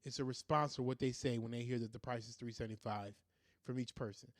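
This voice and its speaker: A man's voice: mid-range voice, steady tone, fast, no room sound, clean studio sound. A man hosting a podcast in a casual, profane monologue who keeps breaking into laughter. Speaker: podcast host.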